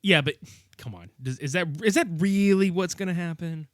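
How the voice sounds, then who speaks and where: A male podcast host in casual chat, animated and profane, laughing often as he recaps a movie. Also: high voice, moderate pace, no echo, studio quality.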